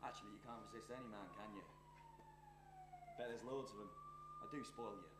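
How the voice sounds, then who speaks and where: A man's voice: fairly low pitch, fairly quick, echoey room, very noisy, natural voice. An actor playing a menacing, scheming male arsonist on stage, taunting and sneering. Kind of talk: stage play performance.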